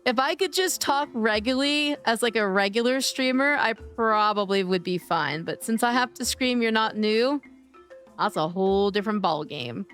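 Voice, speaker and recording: A woman's voice: mid-range voice, lively intonation, normal speed, hardly any pauses, fairly bright tone, soft background music. Woman streamer losing her voice. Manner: chatty, teasing, answers chat by name. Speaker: live game streamer. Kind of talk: casual live-stream chat.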